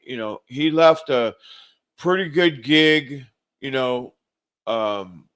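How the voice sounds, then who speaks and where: A man's voice: medium pitch, lively intonation, slow pace, a bit bright, smooth. A man hosting a talk show, speaking hesitantly with many fillers. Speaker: host. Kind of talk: casual talk show chat.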